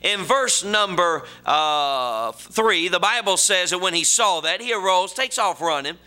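A man preaching a sermon, with folksy storytelling that swings from loud exclamations to low asides. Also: animated, unhurried.

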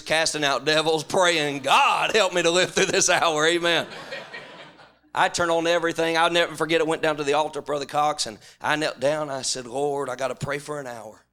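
A man preaching a sermon, moving from hushed storytelling to shouting. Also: on the high side, smooth.

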